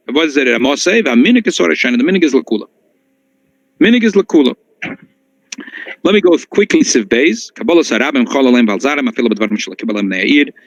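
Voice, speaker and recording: In this text-based Torah lesson, a man with a creaky voice teaches halacha as a rabbi, reading sources aloud and explaining them. Animated and prone to frequent restarts, he leaps up in pitch to stress points. The dry, dull lo-fi recording has no room sound.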